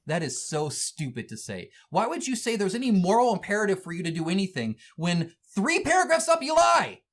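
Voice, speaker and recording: An indignant man delivering heated commentary as host of a wargaming news show. His voice swings widely in pitch and sits a little high for a man. He scolds and rants at the people he is talking about. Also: big pitch swings, fairly quick.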